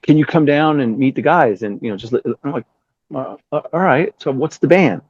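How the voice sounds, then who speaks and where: In a brisk, husky, expressive mid-range voice, a middle-aged Southern Californian musician tells a story during a casual interview. He swears liberally and acts out others' voices, captured in a slightly dull, dry recording.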